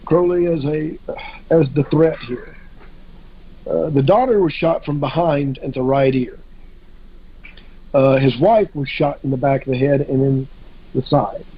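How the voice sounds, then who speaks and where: A man's voice: a little high, slightly rough, lo-fi sound. A man in a casual podcast discussion, talking hesitantly with many fillers and restarts.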